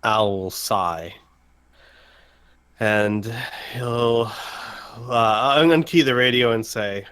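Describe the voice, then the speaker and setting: A man's voice: fairly low pitch, slow, long pauses, fairly bright tone, smooth. A man playing in a tabletop game, hesitantly describing his character's actions. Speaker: player. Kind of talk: tabletop role-play.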